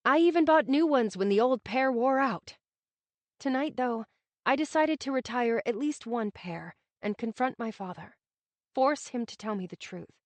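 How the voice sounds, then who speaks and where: A woman narrating a first-person romantic novel as an audiobook, reading with expressive feeling. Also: a little high, normal speed, no room sound.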